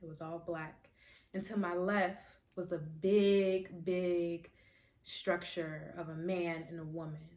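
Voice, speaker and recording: A woman's voice: lowish voice, level tone, slow pace, a little mellow. A woman, a holistic healer from the United States, telling a personal spiritual story in an earnest, emotional way with lots of repetition. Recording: echoey room.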